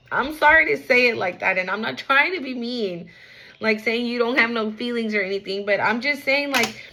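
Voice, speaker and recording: A woman's voice: a little high, normal speed, sharp tone, low-quality recording. Frank streetwise woman giving a reading. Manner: frank, repetitive, streetwise slang. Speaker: tarot reader. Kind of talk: casual spiritual reading.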